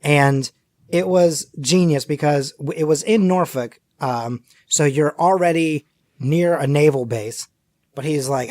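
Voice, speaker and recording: A man chatting on a podcast, telling rambling, animated stories full of acted-out quotes. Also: fairly high pitch, normal speed, dry recording. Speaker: podcast guest. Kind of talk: casual chat.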